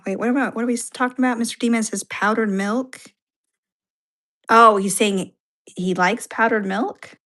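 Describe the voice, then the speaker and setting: A woman co-hosting a casual chat, unhurried, teasing and easily amused. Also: medium pitch, a bit bright. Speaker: co-host.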